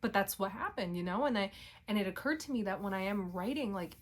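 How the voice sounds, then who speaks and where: A woman's voice: medium pitch, lively intonation, brisk. A young woman vlogging in casual chat, rambling and interrupting herself, with casual swearing.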